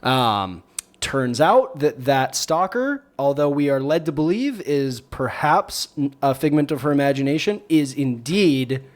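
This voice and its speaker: A man co-hosting a casual film podcast, summarizing a plot with sarcastic, drawn-out phrasing. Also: medium pitch, animated. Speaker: podcast co-host. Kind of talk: casual chat.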